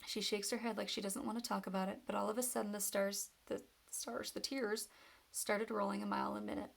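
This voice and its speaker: A woman reading a novel aloud in steady first-person storytelling. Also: mid-range voice, a little fast, gravelly. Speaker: reader.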